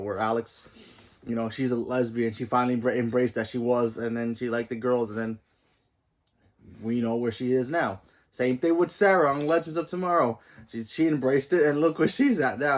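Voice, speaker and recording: A man hosts his own show and rambles through a casual review of a TV episode. He has a mid-range voice and fills his talk with "you know." His pitch and volume jump up sharply when he stresses a point. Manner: rambling, many fillers and restarts; emphatic jumps in pitch and volume. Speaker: host of a TV review channel.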